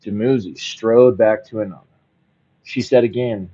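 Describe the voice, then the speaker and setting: With the high frequencies cut off, a low-voiced man reads a bedtime story slowly in a fairly even tone. At times he drifts into casual, musing remarks about the tale.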